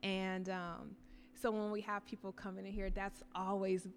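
A woman's voice: mid-range voice, moderate pace. A middle-aged woman who owns a coffee shop, talking casually and enthusiastically in an interview. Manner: enthusiastic, expressive. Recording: faint background noise.

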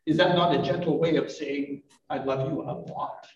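A man in his fifties or older preaching a live sermon, gentle and reflective, with light self-deprecating humor. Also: fairly high pitch, fairly even intonation, normal speed, few pauses. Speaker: pastor. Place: church hall at a live service. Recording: roomy, distant, dull live recording.

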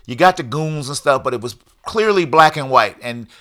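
A man's voice: mid-range voice, expressive, normal speed, a bit bright. A man in a casual podcast chat, laid-back and rambling, dropping lots of "you know"s and casual swearing. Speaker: podcast co-host.

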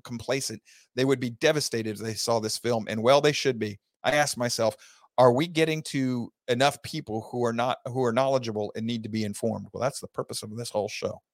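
A man hosting an opinionated talk show. He reads news aloud and breaks into heated, loud rants. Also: medium pitch, no echo, studio quality. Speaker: host.

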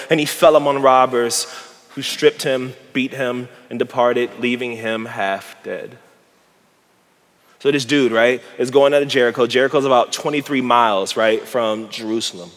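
A man preaching a casual, slangy sermon, animated and laughing often as he retells a Bible passage. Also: mid-range voice, moderate pace. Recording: hall reverb.

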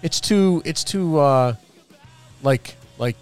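Hesitant teasing man, slightly high voice. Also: animated, slow pace, soft background music. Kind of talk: casual chat.

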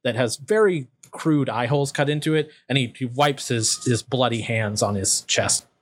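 A man running a tabletop game as game master, describing the scene in a relaxed storytelling way. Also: medium pitch, normal speed.

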